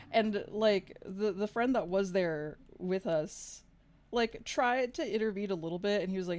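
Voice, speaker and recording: A woman's voice: medium pitch, unhurried, darkish tone. A young woman vlogger casually telling a story, rambling with lots of "like", swearing freely and laughing along. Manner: chatty, laughs through the story.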